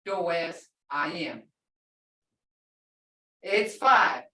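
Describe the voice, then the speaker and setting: A woman's voice: fairly low pitch, lively intonation, drawn-out words, bright, forceful tone. A woman language teacher in a classroom lesson, explaining words patiently and repeating phrases. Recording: echoey room, voice from far off.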